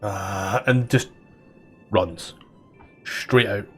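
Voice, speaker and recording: A Scottish man narrating and ruling as game master, easygoing, with fillers and throat clearing. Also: lowish voice, extremely slow, soft background music.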